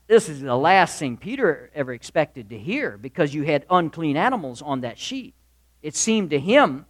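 A man preaching a sermon, animated and humorous, acting out the quotes he reads. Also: high-pitched.

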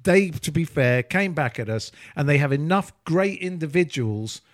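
A man hosts a casual podcast chat in a slightly higher than usual voice. He talks in animated bursts and jumps in over his co-hosts. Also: moderate pace, no echo, studio quality. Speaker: podcast host.

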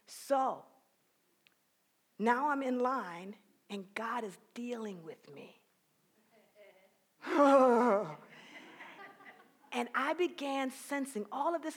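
A woman preaching at a conference, telling a story and building to fervent, near-shouted passages. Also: medium pitch. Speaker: conference speaker. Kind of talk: preaching sermon.

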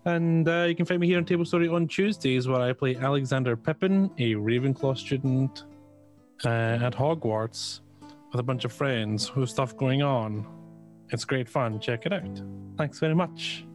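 A man's voice: medium pitch, moderate pace, soft background music. A man introducing himself as a player and podcaster, jokey and upbeat. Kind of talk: casual chat.

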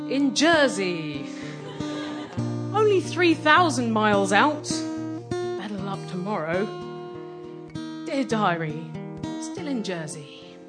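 A woman doing deadpan comic storytelling on stage at a live show. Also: medium pitch, takes it slowly, pauses often. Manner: deadpan, dry comic delivery. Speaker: comedy performer. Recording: live performance with loud guitar. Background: guitar music.

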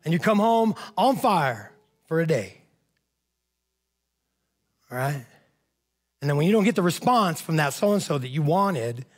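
A man preaching a sermon as pastor, fervent and conversational, often saying "man" and "amen". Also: fairly high pitch.

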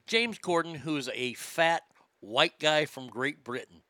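A man hosting a comedy show, ranting loudly and profanely and mocking celebrities. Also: a little high, animated, slow pace, no room sound. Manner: loud, profane, mocking, laughs at own jokes. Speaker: comedy podcast host. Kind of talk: crude comedic rant.

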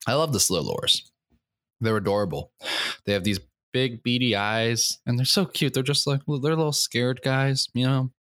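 A man's voice: mid-range voice, normal speed, hardly any pauses, a bit bright, dry recording, studio quality. A young man hosting a comedic rant, rambling with many fillers, crude and profane, getting worked up as he goes. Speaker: podcast host.

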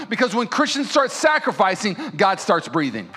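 A man preaching a sermon as pastor, fervent and passionate, moving between loud preaching and quiet prayer. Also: high voice, huge pitch swings, normal speed, hardly any pauses.

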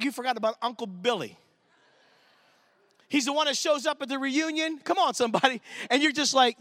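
Brief: middle-aged preacher man from Pittsburgh, high voice, animated storyteller, bright tone. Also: brisk, long pauses, no room sound. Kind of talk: sermon.

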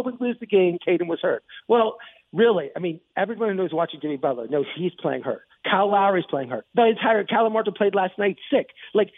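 A man with a high, gravelly voice talks through a game recap in an excited, rambling way, circling back and restarting his thoughts. His tone is husky, and the sound is thin and tinny like a phone line on the radio. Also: no echo. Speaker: sports talk host. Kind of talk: casual sports commentary monologue.

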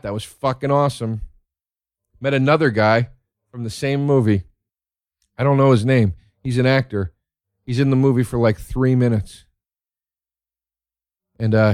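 A man's voice: mid-range voice, dry recording, clean studio sound. A man telling rambling, profane stories in a casual monologue, easily worked up about the things he loves.

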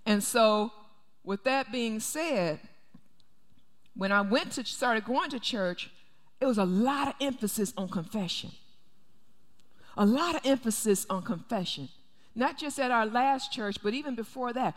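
A woman's voice: on the high side, moderate pace, big-room sound. A woman pastor preaching a sermon, emphatic and repeating her key phrases. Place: church sanctuary.

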